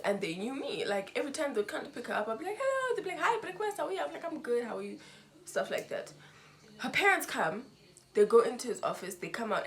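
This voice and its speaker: A woman from Zimbabwe telling a personal story in a casual storytime vlog, acting out what people said with big jumps in pitch. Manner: animated, lots of "like", acts out quotes with big pitch jumps. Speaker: vlogger.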